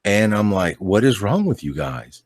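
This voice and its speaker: A man's voice: on the low side, big pitch swings, normal speed, no room sound, studio quality. A man in casual chat as a podcast guest, telling a story in a laid-back, rambling way, swearing and laughing often.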